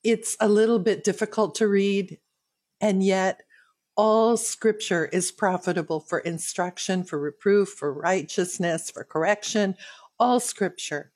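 A woman's voice: medium pitch, steady tone, a little mellow, no echo. A woman reading a Bible chapter aloud and explaining it verse by verse in an earnest, devotional way. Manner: slow, earnest, personal devotional tone. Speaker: Bible teacher.

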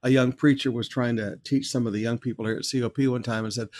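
A man preaches through a scripture passage in an easygoing, conversational teaching voice. His pitch sits in the middle of the male range, and he turns forceful and emphatic whenever he reads the verses aloud. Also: fairly even intonation, quick pace, few pauses. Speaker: pastor. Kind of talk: verse-by-verse sermon.

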